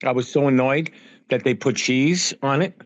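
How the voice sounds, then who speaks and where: This podcast guest, a man of medium pitch speaking at a moderate pace, shares relaxed stories and performs the dialogue within them, with plenty of filler words. No room sound is audible.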